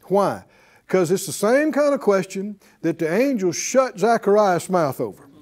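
A male Bible teacher preaches with emphasis and calls on his listeners to answer him. His voice is unusually high and swoops widely. He speaks slowly over faint background music. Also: sing-song, darkish tone. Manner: emphatic, preachy, asks the audience for responses. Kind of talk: sermon-style Bible class.

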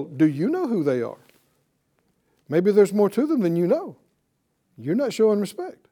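A man's voice: high-pitched, very animated, a little slow, long pauses, warm tone. A man teaching a Bible lesson in sermon style, emphatic and putting rhetorical questions to his listeners.

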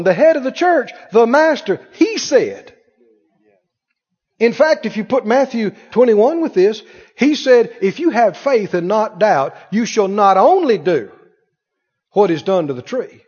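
High-voiced, lively preacher in a hall. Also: male voice, slightly rough. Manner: emphatic preacher, swings from loud to hushed. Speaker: pastor. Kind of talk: sermon. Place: church sanctuary. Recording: dull echoing church hall.

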